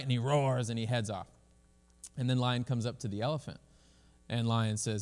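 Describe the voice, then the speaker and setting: A male pastor gives a sermon in a relaxed, conversational manner, often stopping and restarting his phrases. His voice sits in a middle register and carries a long reverb from the church sanctuary. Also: mid-range voice, a little fast. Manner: casual, conversational preaching with frequent restarts.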